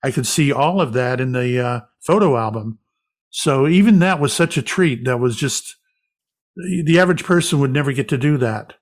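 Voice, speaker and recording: A man with a mid-pitched, ordinary speaking voice tells a long story as an interview guest. He speaks as a medium recounting a session, lively and anecdotal, often slipping into the voices of the people in his tale. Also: normal speed.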